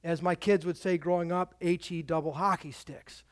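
A pastor delivering a sermon in a church, conversational and emphatic, with swells of volume. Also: male voice, a little high, steady tone, moderate pace. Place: church sanctuary.

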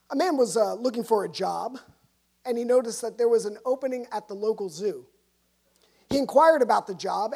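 A woman pastor giving a sermon, telling a story and shifting from hushed to lively. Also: a little high, breathy edge. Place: church.

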